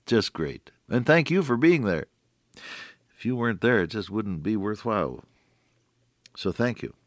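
A man's voice: on the low side, no echo, studio quality. A man preaching a radio sermon in a folksy, earnest way, stretching out key words for emphasis.

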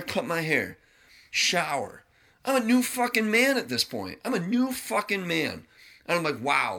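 A middle-aged man speaks casually to his audience in a bright, slightly high voice. He is animated and blunt, swearing freely and repeating himself to drive a point home. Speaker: vlogger sharing his recovery journey. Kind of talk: casual talk to camera.

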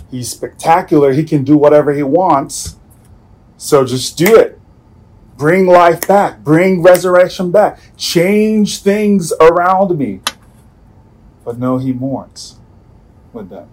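A man preaching a sermon as pastor, earnest and searching, often repeating himself and letting sentences fall away quietly. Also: medium pitch, poor audio. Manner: earnest, with many restarts and soft trailing endings.

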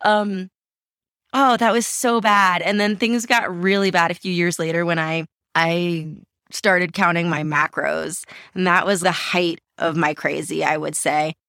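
A woman in her forties tells stories about herself, candid and quick to poke fun at herself. Her voice sits fairly low for a woman, and the sound is close and dry. She talks casually, acting out her old thoughts with lively turns. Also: no echo. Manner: candid, self-mocking, animated storytelling. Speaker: podcast host. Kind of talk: casual interview answers.

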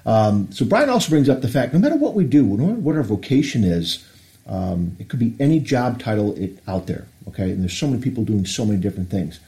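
Mellow-voiced man telling faith stories. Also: on the low side, sing-song, quick pace. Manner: earnest storyteller, acts out quoted voices. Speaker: podcast co-host. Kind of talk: casual faith-based chat.

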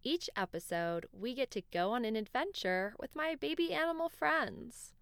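A woman hosting a children's podcast, narrating a bedtime-style story in a gentle, warm way. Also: on the high side, expressive, moderate pace, creaky, clean tone, no room sound, studio quality.

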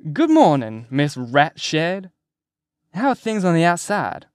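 A man's voice: fairly high pitch, sing-song, slow, no echo, clean studio sound, pitched above the performer's own voice. Man doing a brash, cocky male patient. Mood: mock-innocent. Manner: loud sing-song, mock-pitiful.

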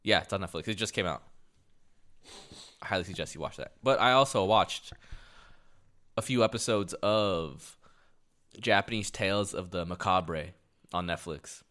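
A man co-hosting a casual podcast, swearing freely and retelling a story with animated quoted lines. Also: sits low, normal speed, pauses often. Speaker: podcast co-host. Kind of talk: casual chat.

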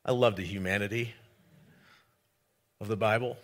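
A male pastor reading scripture and preaching, animated and jokey, swinging between loud and hushed delivery. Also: lowish voice, moderate pace.

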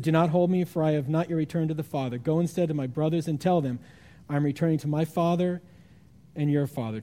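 A man preaching a sermon, retelling a story with animated, acted-out voices and sudden drops to a hushed tone. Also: a little high. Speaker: pastor.

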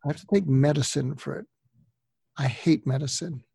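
A man doing an impression of a gruff, curmudgeonly film actor, slightly husky. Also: on the high side, normal speed, warm tone, dry recording, clean studio sound, heavily acted. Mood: grudging.

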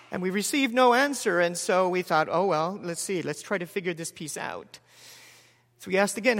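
A man in his forties preaching a sermon as a story, measured with dramatic pauses and soft drops. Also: on the high side. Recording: long hall reverb.

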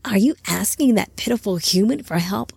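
A woman voicing a scorched, monstrous fallen male creature who taunts in a slow, rasping voice. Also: mid-range voice, expressive, a little mellow, no room sound, heavily acted. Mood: mocking.

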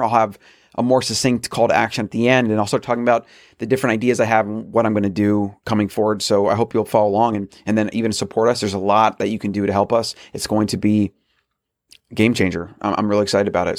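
Male podcast host, solo monologue, earnest and rambling, lower register, dry booth sound. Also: no echo. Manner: earnest, rambling, with frequent restarts.

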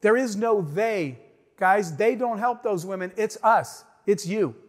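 A man's voice: high voice, a little slow. Middle-aged man, motivational stage talk, emphatic storyteller, raised voice, long echo. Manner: emphatic storytelling, addresses the audience directly. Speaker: motivational speaker. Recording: long hall reverb.

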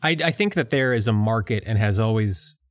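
A man's voice: lowish voice, lively intonation, brisk, no echo, clean studio sound. A young man with a mixed New York and Philadelphia accent, co-hosting a casual podcast, exasperated and swearing often. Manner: profane, exasperated, laughing often. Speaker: podcast co-host.

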